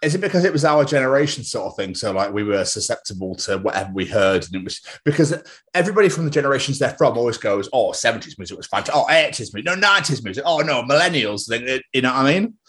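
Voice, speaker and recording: Man, from England, casual podcast chat, sweary, lively up-and-down voice, headphones mic. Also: medium pitch, fast. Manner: sweary, laughs a lot, jokey. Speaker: podcast co-host. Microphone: wireless headphones.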